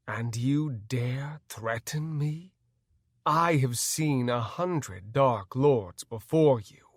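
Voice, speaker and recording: A man's voice: mid-range voice, no echo, clean studio sound. A man voicing an ancient, domineering throne spirit that talks with sneering contempt in an audiobook.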